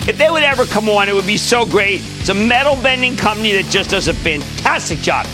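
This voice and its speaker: A man in his sixties hosting a TV stock market show, talking in an emphatic, excitable way and sometimes shouting out names. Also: high-pitched, brisk, over music. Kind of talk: energetic TV finance commentary.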